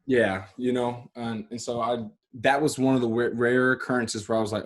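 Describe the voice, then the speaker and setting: A man who is a podcast guest, telling a story in a relaxed, rambling way with many fillers and restarts. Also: mid-range voice, normal speed. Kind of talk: casual storytelling.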